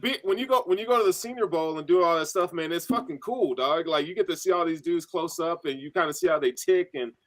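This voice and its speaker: A man's voice: fairly high pitch, fast talker, hardly any pauses. A man co-hosting a sports podcast, talking in a loose, laid-back way, full of "man" and "dude.". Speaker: podcast co-host. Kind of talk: casual sports chat.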